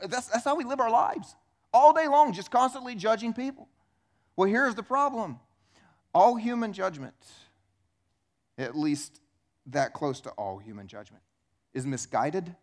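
High-voiced man preaching a sermon. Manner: conversational preaching, acts out quoted voices. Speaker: pastor. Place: church.

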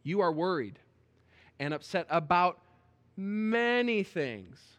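A man voicing a calm, patient male teacher who gently redirects a worried woman, as an acted quote in a sermon. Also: high-pitched, takes it slowly, full character voice. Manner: calm, soothing.

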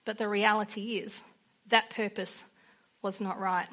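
A woman's voice: mid-range voice, little pitch movement, unhurried, fairly bright tone. A woman preaching a sermon in an earnest way, weaving in personal stories.

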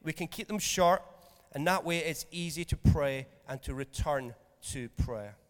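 A man preaching in a relaxed, conversational way, with a slightly high voice. He keeps checking in with his listeners. The sound carries the long reverb of a church hall. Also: a little slow. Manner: conversational, jokey, checks in with "okay?". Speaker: pastor. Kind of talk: sermon.

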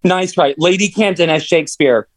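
A man's voice: on the high side, normal speed. A man co-hosting a podcast in casual chat, talking with many fillers and laughing often. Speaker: podcast co-host.

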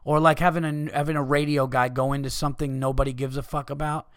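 A man's voice: a little high, level tone, quick pace, a bit bright, smooth, no room sound. Man, podcast host, profane rambling rant, dry recording. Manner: profane, rambling, fired-up ranting. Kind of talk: solo podcast rant, reading listener letters.

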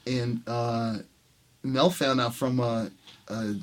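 A man who plays trumpet, telling a story in a relaxed interview, talking in animated bursts with many restarts and acted-out quotes. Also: mid-range voice, takes it slowly. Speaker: guest musician, trumpet player. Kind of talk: storytelling in a conversation.

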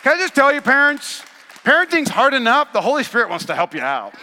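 High bright-voiced guy preaching a sermon, acts out the quotes, goes loud then real quiet, big echoey church hall. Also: huge pitch swings, quick pace, some chatter behind, a little hiss or hum. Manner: storytelling, acting out quotes, swings from loud to hushed. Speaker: pastor. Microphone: handheld microphone. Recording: live sermon with long hall reverb.

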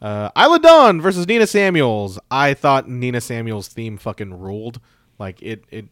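A man with an average-pitched voice hosting a casual podcast recap. He talks easily, running through match moves with dry asides. The recording is close and dry. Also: sing-song, moderate pace, fairly bright tone, dry recording. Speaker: podcast host.

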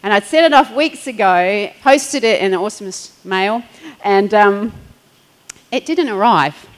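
A woman's voice: medium pitch, measured pace, poor audio. A middle-aged woman pastor, preaching in a chatty storytelling way, laughing and acting out quotes. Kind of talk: sermon.

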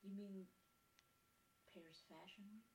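A woman's voice: medium pitch, fairly even intonation, measured pace, dark tone, slightly rough. A woman co-hosting a casual podcast, scolding and correcting her partner with sarcasm. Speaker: podcast co-host.

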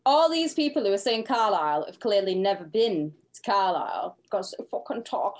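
A woman's voice: mid-range voice, animated, moderate pace. Blunt, sweary Cumbrian woman. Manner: blunt, sweary, laughs a lot. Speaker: podcast co-host. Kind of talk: casual chat.

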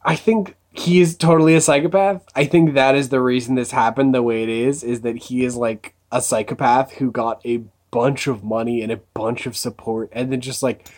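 A woman's voice: extremely low pitch, fairly even intonation, moderate pace, hardly any pauses, darkish tone. A woman co-hosting a podcast in casual chat, rambling with lots of fillers and frequent laughs. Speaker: podcast co-host.

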